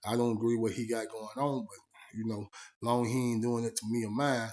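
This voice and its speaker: A man's voice: mid-range voice, flat delivery, a little fast, a little mellow. A man telling a personal story in a casual, slangy, conversational way. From Georgia, USA. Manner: slangy, conversational, retells talks by voicing both sides. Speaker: storyteller recounting prison life.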